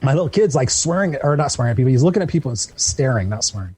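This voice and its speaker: A middle-aged man talks at a rapid clip in a husky, slightly breathy voice. He is a coach who tells stories with animated energy and drops into the voices of the people he quotes. His tone leans dark and mellow, a bit higher than most men. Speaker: coach and guest. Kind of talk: radio talk show interview.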